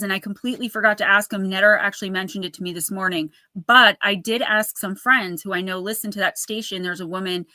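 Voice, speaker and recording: A woman speaking as a psychic guest in a casual interview, animated and emphatic, talking in quick bursts. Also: mid-range voice, no echo.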